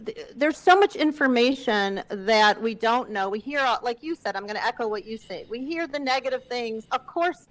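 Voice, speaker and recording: A woman hosting a panel conversation on a video call, chatty and relaxed, with many fillers. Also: fairly high pitch, normal speed, poor audio. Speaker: film director hosting the panel.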